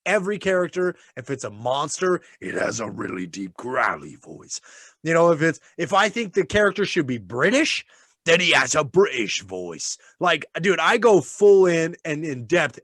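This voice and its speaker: A man's voice: a little high, sing-song, moderate pace, fairly bright tone, no echo, studio quality. A man co-hosting a casual chat. He talks animatedly, swears freely and laughs often. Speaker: podcast co-host and father.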